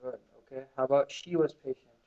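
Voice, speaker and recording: A man's voice: mid-range voice, steady tone, brisk, mellow. A man teaching beginners Arabic in a classroom, drilling students with call and response. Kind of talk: classroom lesson. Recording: muffled lo-fi classroom recording.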